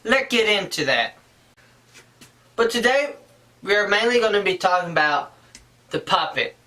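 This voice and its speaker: A man's voice: high-pitched, lively intonation, normal speed, bright, forceful tone, recorded from a distance. A man giving a casual how-to tutorial, talking in an earnest, rambling way and often restarting his sentences. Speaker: puppetry instructor.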